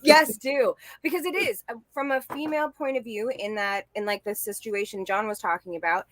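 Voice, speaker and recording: A woman in casual panel talk, animated and acting out quotes. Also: fairly high pitch, brisk, dry recording. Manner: animated, acts out quoted voices.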